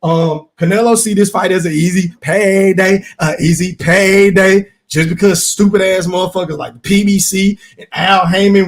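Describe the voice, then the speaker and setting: A man hosting a podcast, ranting loudly and profanely about boxing, with frequent shouted outbursts. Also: sits high. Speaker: podcast host. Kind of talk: heated boxing rant.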